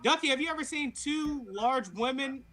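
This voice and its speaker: A man co-hosting a podcast, telling a story in casual, animated chat with plenty of swearing. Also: extremely high pitch, normal speed, rough recording. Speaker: podcast co-host.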